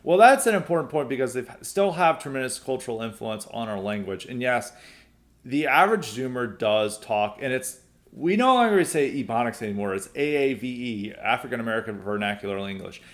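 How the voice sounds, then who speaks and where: Answering mailbag questions on his podcast, this young man speaks briskly in an expressive, medium-pitched voice. His casual commentary wanders, peppered with fillers and false starts.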